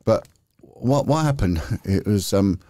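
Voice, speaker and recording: Middle-aged guy on a podcast mic, low voice, chatty and rambling, lots of restarts. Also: expressive, takes it slowly, warm tone, no echo. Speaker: podcast guest, former police detective. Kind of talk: casual anecdotal storytelling.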